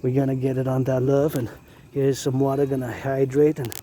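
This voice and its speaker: A man's voice: mid-range voice, little pitch movement, brisk, warm tone, slight background noise. A man leading a chanted marching cadence in rhythmic, sing-song loose rhymes, breaking off now and then into loose asides.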